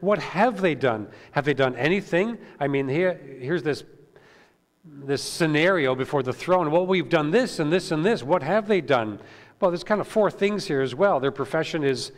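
Male pastor, mid-pitched, casual sermon delivery, church hall reverb. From Canada. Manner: conversational preaching with fillers and repeated words. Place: church sanctuary.

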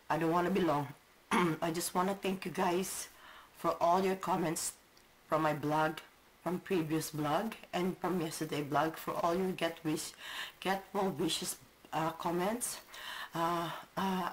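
Brief: Filipino woman, congested, casual vlog delivery, halting, low-pitched. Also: a little hiss or hum, poor audio. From Philippines. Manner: halting, frequent restarts. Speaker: vlogger.

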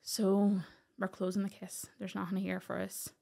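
A woman tells her own story as a podcast guest. She speaks earnestly in a mid-pitched voice with fairly flat intonation. She acts out the lines of the people in her story. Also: normal speed, creaky. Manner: earnest, acts out what others said. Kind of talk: personal storytelling in conversation.

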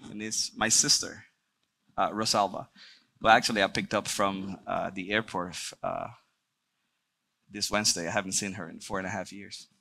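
A man's voice: deep voice, steady tone, normal speed, creaky, long pauses, bright, forceful tone. A man giving a church breakout talk. He shares a personal testimony with the group, asks them questions, jokes with them, and talks earnestly. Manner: engages the audience with questions and jokes. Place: church meeting room.

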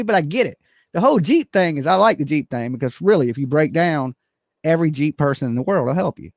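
Animated, high-pitched man livestreaming. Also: fast talker, dry recording, clean studio sound. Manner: animated, joking, rambling, swears casually, calls himself by name. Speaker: livestream host. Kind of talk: casual livestream chat.

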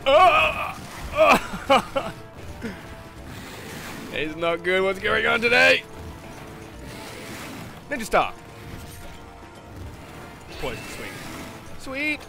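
A man giving casual gameplay commentary, excitable, often laughing and shouting at near misses. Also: sits high, drawn-out words, creaky, long pauses. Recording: game music playing loudly underneath.

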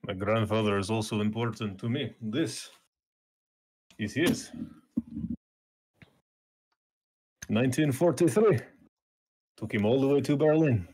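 A man voicing a weary Ukrainian factory worker and desperate father, speaking halting, solemn, broken English in a Ukrainian accent during a tabletop role-play. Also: mid-range voice, a little mellow, slightly rough, natural voice. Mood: resolute.

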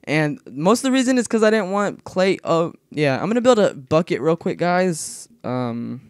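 Excitable young man rambling over gameplay. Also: on the high side, normal speed, no room sound, studio quality. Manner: rambling, excitable, yelps when startled. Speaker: gaming video creator. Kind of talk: casual gameplay commentary.

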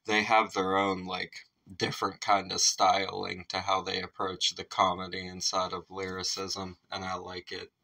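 A man's voice: low voice, completely flat delivery, normal speed, creaky, hardly any pauses, bright, forceful tone, recorded from a distance. A man hosting a music reaction video, chatting casually, laughing often and swearing freely.

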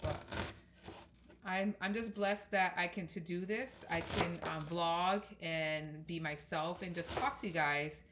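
Casual woman vlogger, low-ish voice, talking to camera while chopping, no mic, noisy kitchen. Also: a little slow. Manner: chatty, encouraging, talks to viewers. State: sick, under the weather. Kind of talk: casual chat while cooking. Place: home kitchen. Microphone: no mic, camera's built-in mic. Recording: noisy home recording.

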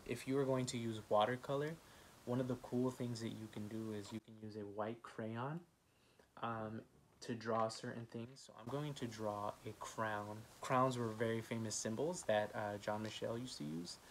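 A man giving a children's art lesson, gently encouraging and talking with many "um" fillers while he draws. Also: medium pitch, fairly even intonation, moderate pace, slight background noise. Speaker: art teacher.

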